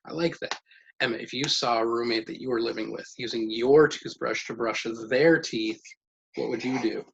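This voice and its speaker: A man's voice: medium pitch, moderate pace, gravelly, slightly rough. A man leading a casual life-skills lesson at home with his children, asking questions and praising their answers. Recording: dull lo-fi sound with faint noise.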